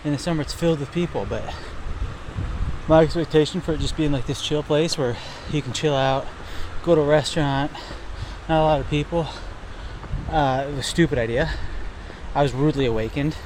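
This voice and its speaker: A man's voice: fairly high pitch, steady tone, brisk, a little mellow, a little hiss or hum. A young man recording a casual trail diary outdoors by a river, rambling and self-deprecating, with lots of swearing and fillers. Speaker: thru-hiker vlogger. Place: outdoors by a river near a town.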